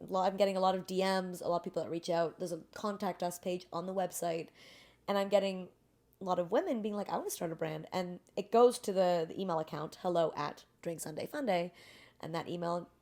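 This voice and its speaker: An animated woman speaking as a guest in a casual interview. She is candid and self-deprecating, and she acts out the people she quotes in shifting voices. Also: on the low side, brisk. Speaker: guest, beverage brand founder.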